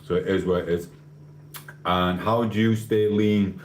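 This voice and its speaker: This livestream host speaks in a low, steady, unhurried voice as he reads comments aloud and rants bluntly with cheeky swearing. A roomy echo and faint hum color the recording.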